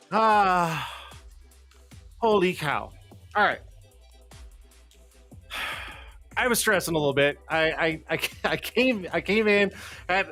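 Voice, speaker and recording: A man's voice: high voice, sharp tone. A man hosting a live-stream show in casual chat, rambling and cursing, joking at his own expense while fumbling with the setup. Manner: rambling, cussing, self-deprecating, jokey; flustered, talking to himself while fixing tech. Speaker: livestream show host. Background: faint background music.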